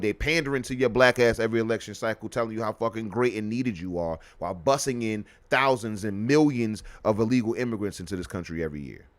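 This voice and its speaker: A male podcast host in full rant mode, heated and profane, hammering the same lines over and over. He jumps from loud outbursts down to low, muttered asides, and his voice sits at an ordinary middle pitch. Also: dry recording. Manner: heated, profane, repetitive ranting.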